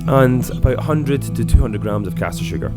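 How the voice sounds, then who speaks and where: A man narrating a scripted recipe voice-over in a calm, steady manner. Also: mid-range voice, fairly quick. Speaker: host. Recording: voice-over with loud guitar music.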